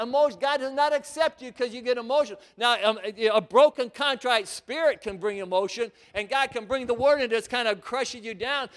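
A man's voice: very high-pitched, a little fast, few pauses, a bit bright. A male preacher delivering a sermon, emphatic and repetitive, often calling his listeners friends.

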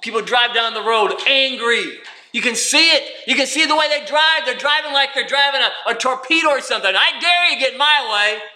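Male preacher, high bright tenor, lively sermon delivery, echoey room. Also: fairly quick. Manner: animated preaching with rhetorical questions and acted-out quotes.

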